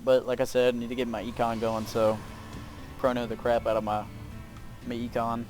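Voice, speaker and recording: A man's voice: medium pitch, flat delivery, moderate pace, a little mellow. Guy talking over his game replay, rambly, lots of uhs, bit of music behind. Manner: rambling, filler-heavy, self-narrating. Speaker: gameplay commentator. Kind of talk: casual game commentary. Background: faint background music.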